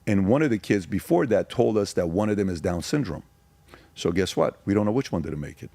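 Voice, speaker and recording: A man in his forties from Iran, a podcast guest telling personal stories in an intense, emphatic way with rapid repeated phrases. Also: low voice, animated, gravelly, warm tone, no echo. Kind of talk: candid personal storytelling.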